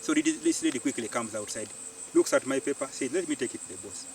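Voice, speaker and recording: A Ugandan man, a farmer and community organiser, telling his story in an animated way and repeating phrases for emphasis, recorded outdoors. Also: medium pitch, fast talker, a little hiss or hum. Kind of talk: storytelling interview. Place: outdoors on a farm. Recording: distant mic outdoors, faint insects.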